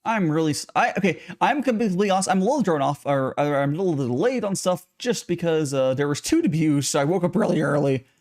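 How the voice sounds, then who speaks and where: A man's voice: on the high side, expressive, quick pace, few pauses, a little mellow. A man chatting casually on a livestream while brewing tea, rambling, greeting viewers and swearing offhandedly. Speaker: streamer brewing tea live.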